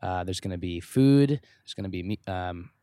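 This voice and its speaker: A man's voice: low-pitched, normal speed, mellow, smooth, no room sound. A man who is a musician guest on a podcast, chatting on a rooftop outdoors, upbeat and easygoing. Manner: upbeat, easygoing, laughs readily. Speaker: guest, musician and festival organizer. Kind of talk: casual chat. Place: rooftop outdoors over a city.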